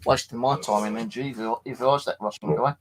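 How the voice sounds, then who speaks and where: A tired man streaming late at night from his flat, telling a rambling, sweary story and chatting to viewers. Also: medium pitch, fast, rough recording. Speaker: paranormal live streamer. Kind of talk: casual late-night live stream chat.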